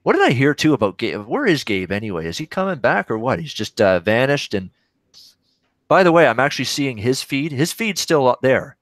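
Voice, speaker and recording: This Canadian man hosts a sports betting livestream, chatting loosely with viewers, reading their questions and reacting to games as they unfold. His medium-pitched voice is sing-song, brisk and a bit bright, rambling along on a dry recording.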